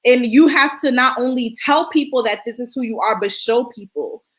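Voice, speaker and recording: A woman's voice: on the high side, moderate pace, fairly bright tone. A woman speaking earnestly and reflectively on a casual panel discussion, with frequent "like" and "you know". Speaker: panel host.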